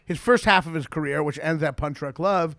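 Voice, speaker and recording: Quick-talking man with a lisp, gravelly edge. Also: a little high, no echo, clean studio sound. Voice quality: slight lisp. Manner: quick, animated, teasing, laughs often. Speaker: podcast host. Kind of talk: casual chat.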